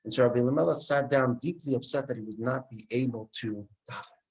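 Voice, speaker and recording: A man, likely a rabbi, giving a sermon and telling a story, acting out the characters' dialogue with lively expression. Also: mid-range voice, quick pace, rough recording. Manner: animated storyteller who acts out the dialogue.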